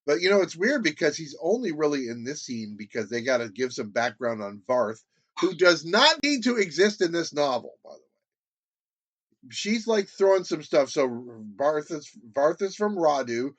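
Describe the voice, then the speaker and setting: A man co-hosting a casual book discussion podcast, animated, laughing often and acting out quotes from the story. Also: on the high side, moderate pace, no room sound, dull audio. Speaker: podcast co-host.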